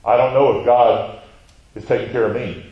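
A man's voice: medium pitch, level tone, moderate pace, gravelly, highs cut off. A man teaching a Bible class in a conversational way, asking questions and answering them himself. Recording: very echoey room.

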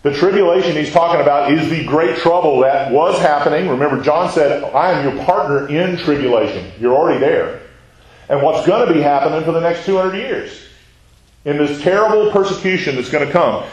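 A man with a fairly high, slightly quick voice leads a Bible class conversationally, posing questions and then answering them himself. The room he's recorded in is very echoey.

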